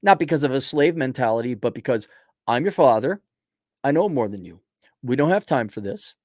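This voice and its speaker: A man's voice: medium pitch, lively intonation, brisk, a little mellow, dry recording, studio quality. A man hosting a show and ranting in a blunt, crude and combative way. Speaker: podcast host. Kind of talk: profane rant.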